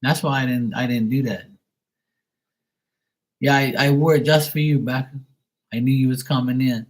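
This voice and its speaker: A man's voice: medium pitch, steady tone, normal speed. A man hosting a livestream, chatting casually and bluntly with viewers and swearing freely. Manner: profane, blunt, talks back to viewers. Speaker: livestream host.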